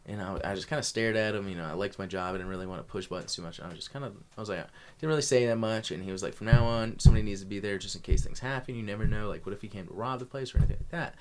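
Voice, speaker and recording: A man's voice: lowish voice, rapid-fire. A young man telling a long story as a podcast guest, rambling with many restarts. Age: young adult. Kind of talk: casual storytelling.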